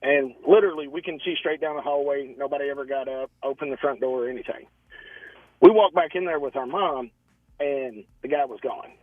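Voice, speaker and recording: A man's voice: medium pitch, fairly quick, no room sound, narrow, tinny audio. A man from Louisville calling into a radio show, earnestly telling a story that still shakes him. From Louisville, Kentucky, US. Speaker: caller. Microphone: phone.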